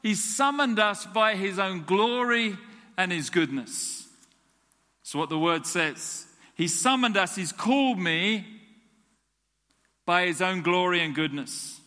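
A man's voice: high voice, takes it slowly. A man preaching a sermon as a pastor, acting out little dialogues with God to make his point. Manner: animated, acts out dialogue with God. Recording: long hall reverb.

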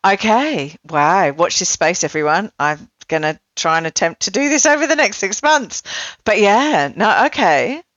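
A woman's voice: mid-range voice, lively intonation, a little slow, a bit bright, dry recording. Woman podcast host, rambling and chatty, lo-fi dry recording. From not Australian. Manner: chatty, self-deprecating, many fillers. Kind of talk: casual chat. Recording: dull dry lo-fi sound.

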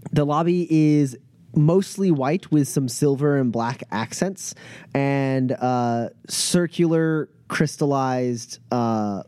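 A man's voice: medium pitch, mellow, clear, resonant tone, no room sound. Hesitant male game master, dry sound. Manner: descriptive, many filler pauses. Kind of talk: narrating a tabletop game.

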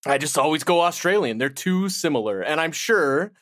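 A man's voice: on the high side, animated, normal speed, fairly bright tone, dry recording, clean studio sound. A man co-hosting a casual podcast, blunt and opinionated, swearing freely. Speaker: podcast co-host.

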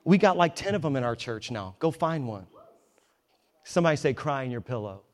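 A man's voice: mid-range voice, lively intonation, fairly quick. A man pastor preaching a sermon in a church, emphatic and conversational with joking asides. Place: church in New York.

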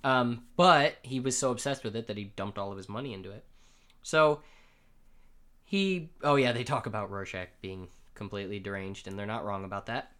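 A man co-hosting a casual podcast chat, excitable, his voice climbing when he gets worked up, with a slight lisp from dental aligner trays. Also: lowish voice, normal speed. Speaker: podcast co-host. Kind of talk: casual chat recapping a comic.

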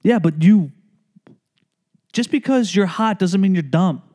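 A man's voice: high voice, measured pace. A man co-hosting a casual podcast chat, telling funny stories and acting out the people in them. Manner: animated storyteller, acts out drivers and friends. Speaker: podcast co-host.

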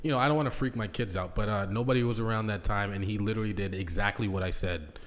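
A man's voice: lowish voice, fast talker. A man co-hosting a podcast in loose, rambling casual chat, full of fillers. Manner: laid-back, rambling with fillers. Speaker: podcast co-host.

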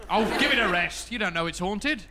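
A man hosting a comedy show, calm and bossy in scripted banter. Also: high voice, fairly quick, heavy background noise. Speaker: comedy podcast host.

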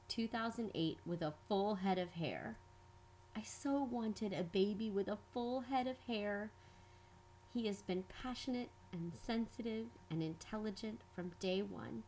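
A woman telling a personal story in scripted narration, measured and reflective. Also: mid-range voice, slight background noise. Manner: measured, reflective, quietly earnest.

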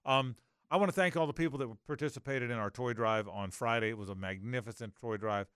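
A man's voice: medium pitch, fast, a bit bright, clean tone, dry recording, studio quality. A middle-aged man hosting a sports radio show, telling a rambling, self-mocking story with lots of restarts and laughter. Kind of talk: casual radio banter.

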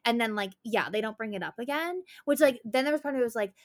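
A woman's voice: fairly high pitch, animated, fast. A young woman co-hosting a podcast, talking casually and rambling, with lots of "like" and swearing as she acts out quotes. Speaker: podcast co-host. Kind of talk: casual chat.

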